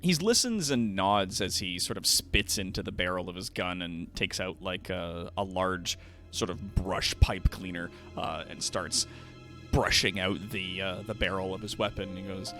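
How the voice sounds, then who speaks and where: A man narrating as game master for a tabletop game, with a rambling, halting delivery full of fillers. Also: deep voice, sharp tone, faint music behind.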